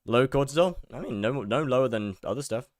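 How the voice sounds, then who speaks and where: A man's voice: medium pitch, expressive, brisk, no echo, studio quality. A young man chatting casually while he streams a game, rambling, repeating words and answering his chat.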